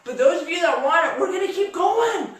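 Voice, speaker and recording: A woman's voice: very high-pitched, animated, fairly quick, very echoey, recorded from a distance. A woman giving a live-streamed motivational talk, emphatic and repetitive, tearful as she speaks. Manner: emphatic, repeats phrases, turns tearful and emotional. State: crying.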